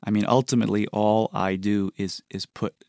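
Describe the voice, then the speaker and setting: A man's voice: lowish voice, flat delivery, normal speed, creaky, a little mellow, no echo, studio quality. Man explaining music thoughtfully. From United States. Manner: thoughtful, counts beats and hums rhythms aloud. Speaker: composer guest. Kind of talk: explanatory interview talk.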